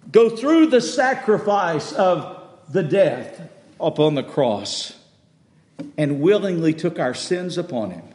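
A male pastor preaching a sermon in a church, halting and repeating words, then swelling to loud emphatic peaks. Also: a little high. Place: church sanctuary. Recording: echoey hall with long reverb.

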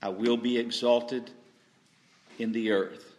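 A man preaching a sermon, rising to loud emphatic peaks and dropping to quiet asides, often stammering and restarting. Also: medium pitch, flat delivery, takes it slowly. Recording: echoey room.

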